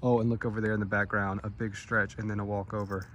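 Guy vlogging on a neighborhood walk, sweet-talking cats, loud street noise behind. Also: on the low side, little pitch movement, fast talker. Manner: coos affectionately at cats. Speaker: vlog host. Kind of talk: casual walking vlog.

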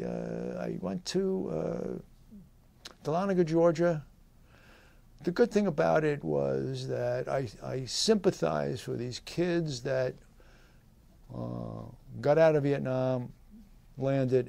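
Recorded dry, this oral history interview features a man in his eighties remembering his service as a veteran. His medium-pitched voice is creaky and warm, with lively intonation and a slow pace. He rambles with fillers and short laughs and brightens his tone for quoted people.

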